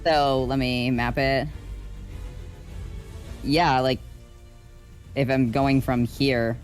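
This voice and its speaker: A player in a tabletop game, thinking aloud with many pauses and fillers as they plan a move. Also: medium pitch, flat delivery, faint music behind. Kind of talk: casual tabletop play.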